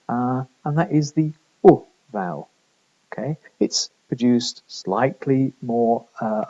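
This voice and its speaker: A man's voice: medium pitch, dark tone, breathy edge, muffled recording. A man from the middle of England with a northern English accent, giving a recorded lecture with many fillers and restarts. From Midlands of England. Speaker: linguistics lecturer.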